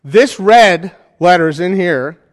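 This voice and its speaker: Guy teaching bible study, kinda high voice, long echo in a big hall, keeps asking if u get it. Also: lively intonation, slow. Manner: conversational, checks in with listeners often. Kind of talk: informal teaching, demonstrating software. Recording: hall reverb.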